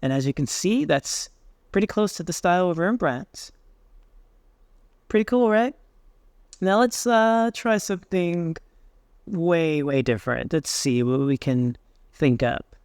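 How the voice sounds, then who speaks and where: A man hosting a software tutorial, casually thinking aloud with fillers as he tries things on screen. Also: fairly high pitch, animated, a little slow, long pauses, smooth, no echo, clean studio sound. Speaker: tech tutorial host. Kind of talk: screen-recorded software walkthrough.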